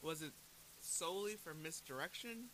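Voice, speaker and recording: A man in a relaxed talk show, his voice very bright and a touch high. He rambles with easy restarts and laughs often. A faint hiss sits under the recording. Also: normal speed, low-quality recording. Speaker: podcast co-host. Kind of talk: casual chat.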